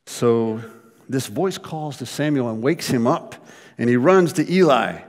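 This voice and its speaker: A man preaching a sermon as pastor, telling stories in an animated way with frequent repeated words. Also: medium pitch, measured pace. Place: church. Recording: long reverb of a church hall.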